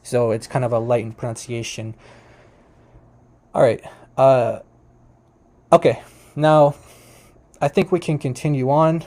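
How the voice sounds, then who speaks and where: A man's voice: mid-range voice, fairly even intonation, a little slow, pauses often, darkish tone. A man hosting a commentary on a video, explaining and correcting points patiently at his computer. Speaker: host.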